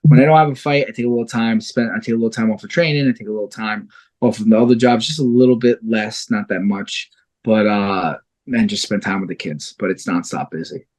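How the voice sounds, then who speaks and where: A man's lowish voice, a little fast: he's a fighter in his thirties guesting on a podcast. He tells stories animatedly in relaxed chat, swearing freely throughout.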